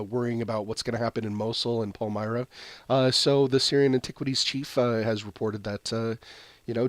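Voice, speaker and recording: A man's voice: medium pitch, no room sound. American man with dry, close sound. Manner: reads headlines, then adds offhand jokey asides. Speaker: news show host. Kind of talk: casual news reading with commentary.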